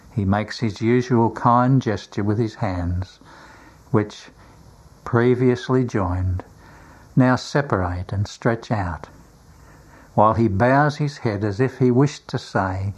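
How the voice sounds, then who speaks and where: A man reading a religious story aloud in a grave, measured manner. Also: lowish voice, slightly rough, highs cut off. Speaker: narrator. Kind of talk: scripted religious narration, audiobook reading.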